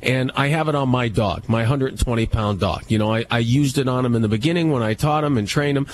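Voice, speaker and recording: A man co-hosting a radio talk show, telling stories in an emphatic, animated way. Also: mid-range voice, fast, slight background noise, low-quality recording. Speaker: radio co-host. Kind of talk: casual chat, storytelling.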